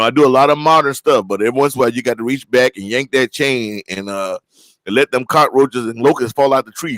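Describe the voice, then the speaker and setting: A man's voice: medium pitch, no room sound, poor audio. A man with an East Texas Southern accent hosting a livestream, chatting casually and telling folksy, rambling stories. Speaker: livestream show host.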